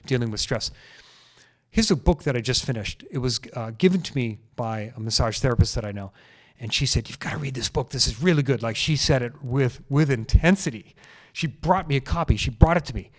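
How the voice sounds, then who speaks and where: This solo health podcast comes from a chiropractor talking into a microphone at a moderate pace with a medium-pitched voice. His delivery is earnest and casual, and he repeats key phrases for emphasis.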